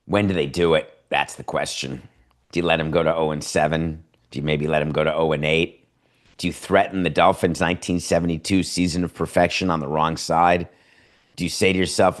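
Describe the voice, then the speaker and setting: A man's voice: a bass voice, fairly even intonation, a little fast. A man hosting a sports podcast, giving sarcastic opinions full of rhetorical questions and acted-out imagined dialogues.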